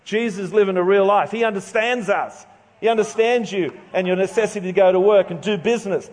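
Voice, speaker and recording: A middle-aged Australian man preaches in a loose, joking, chatty manner, often restarting his phrases. His voice sits a little high for a man, and the church hall around him rings with a long reverb. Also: brisk, darkish tone, slight background noise. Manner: casual, joking, conversational preaching with stumbles. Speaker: pastor. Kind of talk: sermon.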